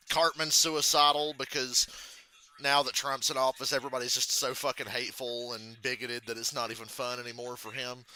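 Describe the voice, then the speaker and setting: A man hosts a loose, casual live reaction stream, telling stories in a profane, laughing way. His voice is very bright and sharp, sitting at an ordinary middle pitch. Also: steady tone, normal speed, long pauses, slight background noise. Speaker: channel host.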